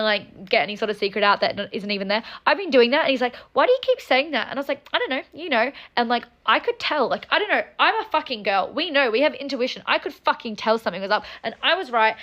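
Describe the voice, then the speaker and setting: A young woman telling a story time, fuming and upset, talking fast with lots of "like" and swearing. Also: on the high side, sing-song, a bit bright, dull audio. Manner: angry, fast, swears a lot, many "like"s. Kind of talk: casual storytime rant.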